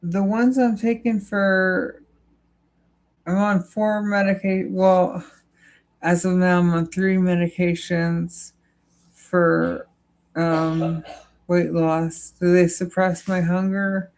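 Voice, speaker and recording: A young adult streamer drawls through a casual chat with viewers, the voice gravelly with fry. The delivery stays flat and monotone, full of halting "like" and "uh" fillers, with a tired, low-energy feel. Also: low-quality recording. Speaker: livestreamer answering chat.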